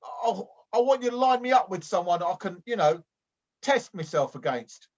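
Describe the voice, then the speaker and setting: A man's voice: high-pitched, animated, moderate pace, a little mellow, dull audio. A man playing a rambling, lonely amateur boxer. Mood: earnest. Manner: hesitant and rambling, full of restarts. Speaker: improv performer. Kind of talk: improvised comedy sketch.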